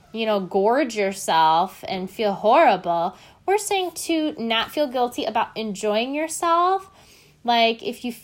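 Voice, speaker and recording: A young woman giving casual motivational fitness talk, chatty and candid with many fillers. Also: on the high side.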